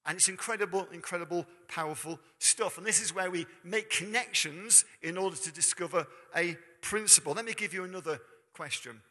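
Bright-voiced preacher man in a reverberant hall. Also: high-pitched, brisk. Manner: conversational, quizzes the congregation. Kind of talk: sermon.

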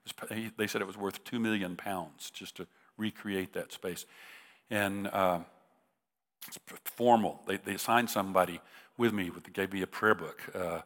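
This middle-aged man is a visiting American preacher whose sermon includes a humorous story told casually, full of restarts. He speaks at a moderate pace with fairly even intonation in a low, slightly bright voice, and the hall reverberates.

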